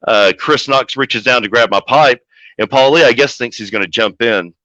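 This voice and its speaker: Bright-voiced man telling a profane brawl story. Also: medium pitch, moderate pace, dry recording, muffled recording. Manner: profane, animated storytelling with acted-out quotes. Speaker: wrestling manager guest. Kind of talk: casual storytelling interview.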